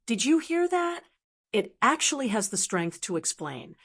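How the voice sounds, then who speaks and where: A woman's voice: a little high, very animated, a little slow, fairly bright tone, husky, heavily acted. A woman voicing a wry, amused young male martial hero in an audiobook, speaking in a teasing way. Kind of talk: audiobook character reading.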